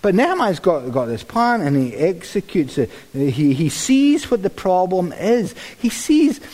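A man preaching a sermon in a chatty way, often repeating himself and making dry jokes. His voice is a touch high and very animated. The sound rings out in a church hall with long reverb. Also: a little slow. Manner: lively, conversational, repeats words, dry humour.

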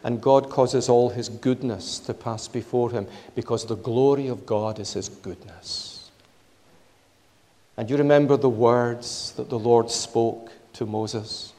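A man preaching a sermon in a measured, emphatic way, repeating his key phrases. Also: mid-range voice, steady tone, dark tone, big-room sound.

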